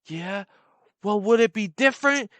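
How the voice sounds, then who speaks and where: Dude doing a pushy aggressive guy hitting you up for cash, kinda high, menacing. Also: lively intonation, unhurried, fairly bright tone, no echo. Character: aggressive grown man panhandler.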